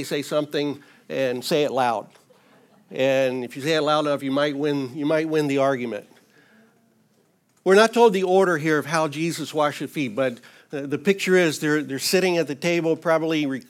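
Male Bible teacher with a slightly high voice who explains scripture conversationally, earnest with a light touch of humor. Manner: informal and earnest, with light humor and frequent "you know".

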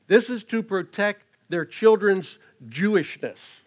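A man's voice: high voice, measured pace, hardly any pauses. A man preaching a sermon in an earnest way, rising to emphasis on key phrases. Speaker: pastor.

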